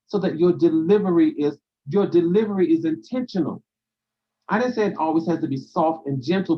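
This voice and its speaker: A man's voice: fairly high pitch, breathy edge, dull audio. A man hosting a live stream, giving a motivational talk in a preacherly way, repeating phrases for emphasis and answering viewers' comments.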